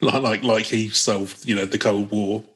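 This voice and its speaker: A man in his forties co-hosts a podcast in a relaxed, meandering way, full of ums and asides. His voice sits on the low side. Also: normal speed. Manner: rambling, jokey, trails off with ums. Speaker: podcast co-host. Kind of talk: casual chat.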